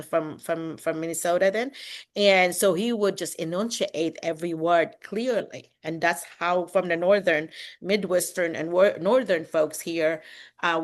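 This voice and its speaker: Fast-talking Filipina teacher on a video call. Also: female voice, fairly low pitch. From Philippines. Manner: talks fast when excited, lively, with laughs. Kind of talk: casual video-call chat.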